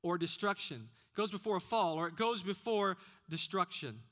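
A man's voice: high-pitched, lively intonation, moderate pace, fairly bright tone. A man preaching a sermon as pastor, often putting questions to the congregation.

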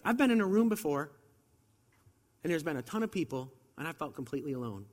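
A man's voice: a little high, big pitch swings, quick pace, big-room sound. A man preaching a sermon in a conversational way, asking the audience rhetorical questions, and he has a slight cold.

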